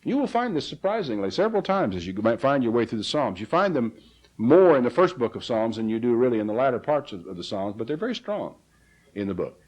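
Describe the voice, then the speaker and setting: A man's voice: medium pitch, very animated, quick pace, darkish tone, poor audio. A man preaching a sermon in an earnest, plain way. He reads scripture aloud and rises to pleading cries in a recording from the 1980s.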